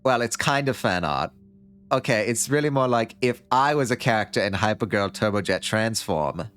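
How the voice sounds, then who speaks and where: A man's voice: fairly low pitch, expressive, moderate pace, a bit bright, clean tone, faint music behind. A man doing a quirky accented space kid. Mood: cheerful. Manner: put-on quirky foreign-sounding accent. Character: cheerful nonbinary spaceship kid artist.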